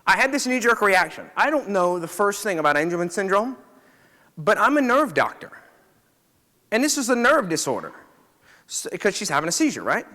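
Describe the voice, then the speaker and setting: A man's voice: high voice, very animated, moderate pace, long pauses, pushed and bright, big-room sound. A middle-aged man, a chiropractor, telling a story to a live audience in a conversational way, often checking in with his listeners.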